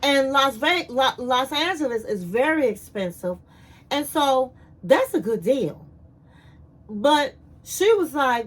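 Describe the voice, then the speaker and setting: Chicago woman with a high voice doing a sassy tv recap, blunt, talks straight to you. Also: animated, slow pace. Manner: sassy, blunt, acts out the cast's lines. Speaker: reality TV recap vlogger. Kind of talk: casual recap commentary.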